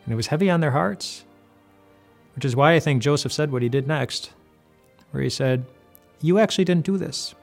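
A man's voice: mid-range voice, normal speed, creaky, long pauses. A man giving a casual devotional Bible talk as host. He speaks conversationally and often restarts and repeats words. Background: faint music.

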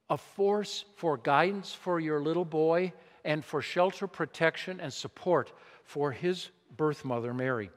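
A man preaching a sermon in a conversational, emphatic way, asking his congregation rhetorical questions. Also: a little high. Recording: long reverb of a large hall.

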